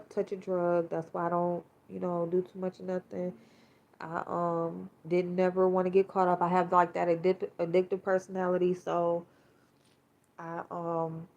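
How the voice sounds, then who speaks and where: A woman's voice: lowish voice, a little mellow. Frank, emotional woman in her forties. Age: 40s. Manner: frank, profane, emotional, many fillers. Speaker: podcast host. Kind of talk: candid emotional talk. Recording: slightly dull lo-fi sound.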